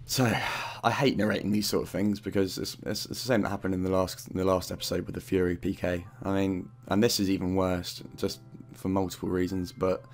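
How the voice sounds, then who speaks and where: A gaming YouTuber narrates his own gameplay in loose, rambling casual commentary, swearing often and using plenty of fillers. His low, slightly mellow voice holds a level tone and moves fairly quickly with hardly any pauses.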